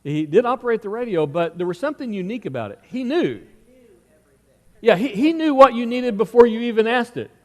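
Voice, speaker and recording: A man's voice: very high voice, lively intonation, a little fast, big-room sound. A middle-aged man preaching a sermon as pastor, telling stories and asking the congregation questions. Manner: conversational storytelling with rhetorical questions. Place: church sanctuary.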